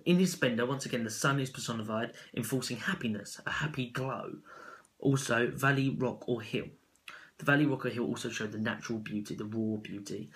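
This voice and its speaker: A man giving an unscripted spoken analysis of a poem as a student, halting and correcting himself as he goes. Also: medium pitch, a bit bright, low-quality recording. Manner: halting, with self-corrections and fillers.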